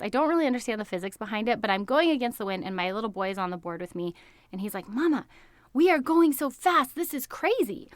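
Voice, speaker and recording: An American woman in her thirties talks casually about healthy eating, with a middle-range voice and a bright, chatty, upbeat manner. She peppers her sentences with "like" and laughs easily. The recording is close and dry, with no room sound. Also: medium pitch, dry recording. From United States. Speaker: health coach. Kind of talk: casual podcast monologue.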